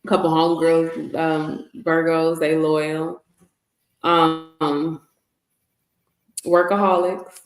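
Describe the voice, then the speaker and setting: Relaxed woman in an echoey room. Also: sits low, slow, pauses often. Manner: relaxed, agreeable, chimes in. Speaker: co-host. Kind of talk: casual chat. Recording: echoey room with faint noise.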